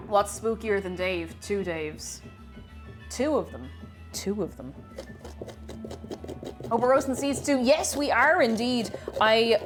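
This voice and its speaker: Working in her home kitchen, this woman streamer keeps up casual live-stream chat, calling out viewers by name and repeating phrases for fun. Her pitch is medium.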